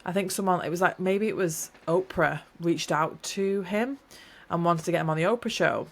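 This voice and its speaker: On a solo podcast, a woman with a lowish voice speaks at a moderate pace. She reflects and encourages in a rambling way, frequently correcting herself partway through sentences.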